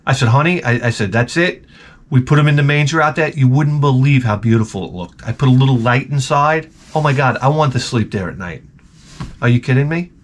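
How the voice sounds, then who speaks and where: A man's voice: medium pitch, expressive, a little fast. Man ranting animatedly, sick with flu. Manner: exasperated, rambling, profane. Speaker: vlogger. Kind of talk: comedic storytelling rant.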